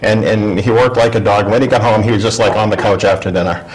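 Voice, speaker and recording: Speaking fast in a fairly low, steady voice, a middle-aged man tells a personal story casually as a talk show guest. He frequently restarts sentences and acts out quoted voices, and the audio quality is poor.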